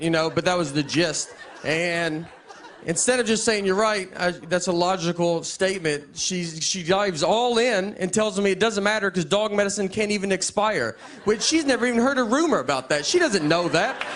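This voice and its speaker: A man performing a stand-up set in a deadpan, meandering way with frequent restarts. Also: high voice, moderate pace, slight background noise. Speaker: stand-up comedian. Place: live comedy stage before an audience. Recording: live set with audience laughter. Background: crowd laughter.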